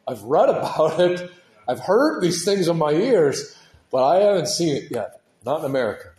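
A man preaching a sermon with passion, moving from hushed, heavy passages to loud, urgent ones, and dropping casual words like dude and man. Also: a little high, big pitch swings, normal speed, roomy sound. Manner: impassioned, swings from hushed to shouting.

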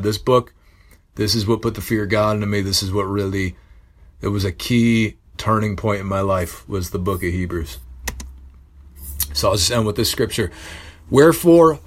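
A man preaching a sermon, earnest and building to emphatic bursts, pausing to correct himself. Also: fairly low pitch, a bit bright.

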